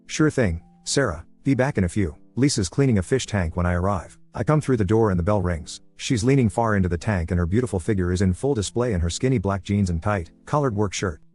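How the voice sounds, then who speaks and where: A man narrating a story in the first person with plain, even delivery. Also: lowish voice, fast, hardly any pauses, soft background music.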